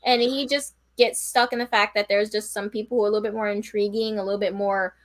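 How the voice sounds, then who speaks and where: A woman co-hosting a casual wrestling review podcast, answering in brief, measured remarks. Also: medium pitch, steady tone, dry recording.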